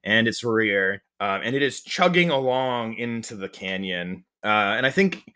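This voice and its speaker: A man's voice: on the low side, expressive, unhurried, bright, forceful tone, clear, resonant tone. A man acting as game master, describing the scene at length with lots of restarts and fillers. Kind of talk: narrating a tabletop game.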